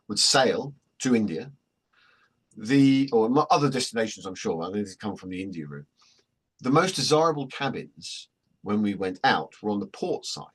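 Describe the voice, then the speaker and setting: A man with a husky voice, presenting a workshop in a chatty, joking storytelling way. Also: lowish voice, a bit bright. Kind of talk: anecdotal workshop talk.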